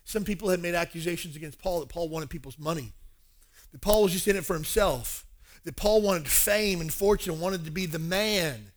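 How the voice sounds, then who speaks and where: Animated high-voiced male pastor preaching. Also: normal speed. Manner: animated, acts out dialogues. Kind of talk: sermon.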